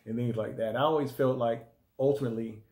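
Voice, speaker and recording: Man co-host, mid-pitched, relaxed and thoughtful, roomy echo. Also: fast talker. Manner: easygoing, reflective, jumps high when quoting others. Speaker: relationship coach, co-host. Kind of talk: casual conversation with his wife.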